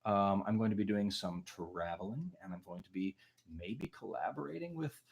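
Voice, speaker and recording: A man's voice: on the low side, moderate pace, gravelly, lo-fi sound, a little hiss or hum. Rambling man chatting between songs. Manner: rambling, full of fillers, self-deprecating. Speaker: musician. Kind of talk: casual chat with a livestream audience.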